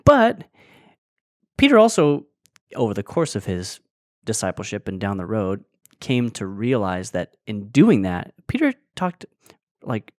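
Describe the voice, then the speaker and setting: A man's voice: lowish voice, huge pitch swings, measured pace, dry recording, clean studio sound. A man co-hosting a casual faith discussion, earnestly explaining scripture passages. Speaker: podcast co-host.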